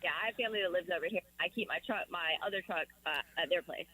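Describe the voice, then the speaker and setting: A woman's voice: lowish voice, racing, pushed and bright, a little hiss or hum, poor audio. A woman who drives trucks, calling in to a radio show and chatting easily. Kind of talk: phone-in conversation.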